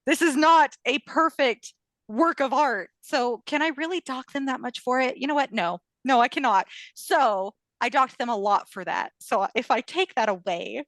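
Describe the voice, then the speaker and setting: A woman's voice: high voice, normal speed, a bit bright, no room sound. A woman co-hosting a podcast, chatting casually about fan fiction, acting out quotes and laughing often. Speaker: podcast co-host.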